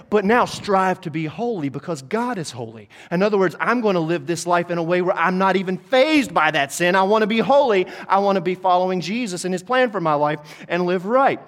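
A man preaching a sermon as pastor, driving points home with repetition and climbing into loud, urgent exhortation. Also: high voice, lively intonation, brisk, hardly any pauses. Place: church sanctuary.

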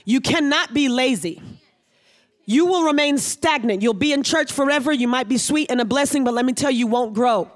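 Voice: high voice, normal speed. Pastor delivering a sermon, emphatic and repetitive, reads scripture then explains it. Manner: emphatic preaching with repeated phrases.

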